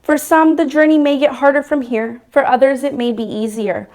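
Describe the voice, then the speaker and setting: A young woman speaks to her graduating class in an earnest, grateful tone. Her voice is high, and she reads her lines with steady care. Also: normal speed. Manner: earnest, grateful, read-aloud delivery. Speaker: graduating nursing student. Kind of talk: graduation speech.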